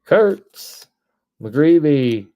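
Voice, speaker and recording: A man, hosting a live card break stream, reading off names and breaking into excited shouts. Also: on the high side, drawn-out words.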